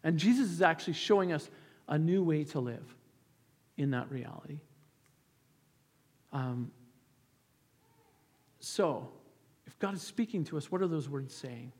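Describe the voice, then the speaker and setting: A man's voice: a little high, animated, measured pace, pauses often, a little mellow, slightly rough. A male pastor giving an earnest, conversational sermon, often restarting his sentences. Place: church sanctuary. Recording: hall reverb, church sanctuary.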